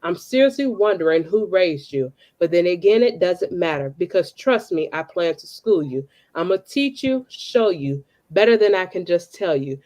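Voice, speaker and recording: A woman's voice: fairly low pitch, moderate pace, hardly any pauses. A woman from Chicago performing spoken word poetry with a rhythmic, emphatic delivery, then chatting casually. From Southside of Chicago. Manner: relaxed, casual talk with fillers when chatting. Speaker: poet.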